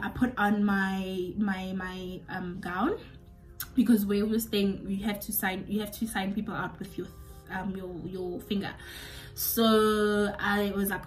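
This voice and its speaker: A woman's voice: fairly high pitch, recorded from a distance. A young woman from South Africa telling a personal story to her viewers in a casual, confiding vlog. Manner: chatty, confiding, addresses viewers as guys. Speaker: YouTuber.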